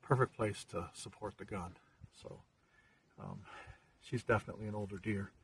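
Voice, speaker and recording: A man casually chatting about his hunt in a relaxed vlog manner, outdoors in the woods, filmed by someone else. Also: lowish voice, normal speed, creaky, slight background noise. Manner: chatty, easygoing, fillers. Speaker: hunting vlogger. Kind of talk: casual hunting vlog talk. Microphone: camera held by another person, from a distance. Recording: voice from some distance.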